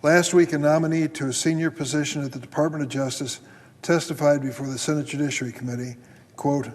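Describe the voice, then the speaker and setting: An older man, a senator, delivers a formal floor speech in a measured, deliberate, stern way with a slightly husky voice. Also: on the high side, fairly even intonation, a little mellow. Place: large legislative chamber. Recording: long hall reverb.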